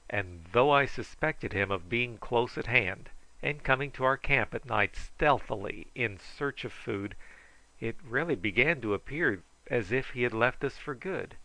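A man reading a first-person adventure story aloud in a measured, plain storytelling manner. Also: mid-range voice, sharp tone, no room sound, low-quality recording. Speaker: audiobook narrator.

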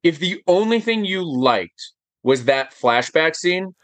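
Animated man with lively swooping pitch. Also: takes it slowly, no room sound. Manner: animated, emphatic, rhetorical questions. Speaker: podcast guest. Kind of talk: casual chat.

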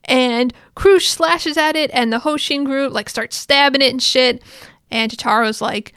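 A woman's voice: high voice, unhurried, a bit bright, smooth, no room sound, clean studio sound. Chatty woman retelling a story. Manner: chatty, loose retelling with frequent asides. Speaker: anime episode recapper. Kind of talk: casual spoken recap.

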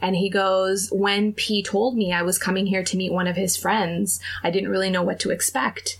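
A young adult woman with a gravelly, fry-touched voice tells a story in relaxed podcast chat. She slips into the voices of the people in her story as she goes. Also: mid-range voice, normal speed. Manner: animated, acts out quoted dialogue. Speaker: podcast co-host telling a dating story.

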